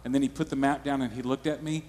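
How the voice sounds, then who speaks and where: A man's voice: medium pitch, fairly even intonation, fast talker, darkish tone, big-room sound. A male pastor preaching a sermon in a church, conversational and storytelling.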